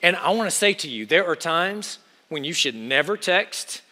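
A man preaching a sermon, his high voice bright and forceful. He presses hard on some lines and drops to quiet asides on others. The sound carries a long reverb from a large hall. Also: lively intonation, normal speed. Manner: urgent exhortation, swinging between loud pushes and quiet asides.

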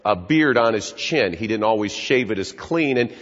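A man's voice: on the low side, animated, normal speed, fairly bright tone. Earnest middle-aged man speaking in an echoey hall. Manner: earnest, acts out quoted voices. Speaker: speaker addressing an audience. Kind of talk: public talk, storytelling. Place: large hall before an audience. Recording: echoey hall, dull lo-fi sound.

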